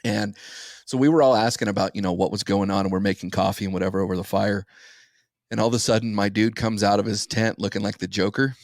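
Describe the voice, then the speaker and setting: A man's voice: fairly low pitch, steady tone, quick pace, no echo, studio quality. A man co-hosting a podcast, telling frank, easygoing stories in casual chat. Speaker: podcast co-host.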